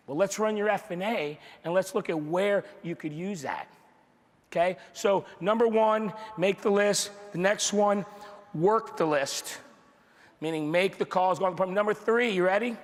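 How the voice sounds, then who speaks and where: A man giving an energetic motivational training talk to a live audience. He drives points home with repetition and rhetorical questions and acts out dialogue. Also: high voice, normal speed. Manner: acts out dialogue in quoted voices. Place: large room with an audience. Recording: long hall reverb from a live event.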